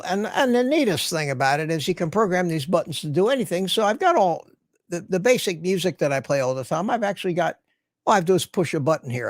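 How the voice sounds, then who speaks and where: Gravelly older man hosting a livestream. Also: a little high. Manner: rambling, greets viewers by name. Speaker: livestream host. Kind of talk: casual livestream chat. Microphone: studio mic through a mixer.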